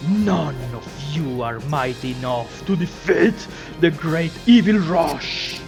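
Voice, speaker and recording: A man voicing a theatrical mock dragon, slow, booming and pompous. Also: gravelly, over music. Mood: menacing.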